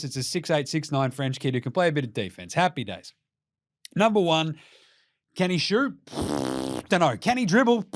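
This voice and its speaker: An Australian man hosting a basketball show, ranting in an excitable, profane, comedic way and laughing between jokes. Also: sits high, dry recording, clean studio sound. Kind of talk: comedic sports rant.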